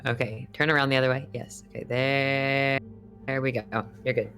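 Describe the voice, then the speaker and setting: A woman running a tabletop game as game master, calmly directing the players. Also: very deep voice, normal speed, soft background music. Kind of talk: casual tabletop game chat.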